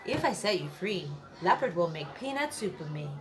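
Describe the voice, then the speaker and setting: A woman's voice: fairly low pitch, sing-song, normal speed. Timid dainty peanut lady, storybook; woman reader voices her.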